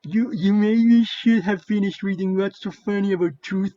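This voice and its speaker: A man voicing a mocked male online commenter in a shrill, whiny, nasal put-on voice. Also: fairly even intonation, moderate pace, mellow, no echo, lightly acted. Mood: mocking. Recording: dull lo-fi sound.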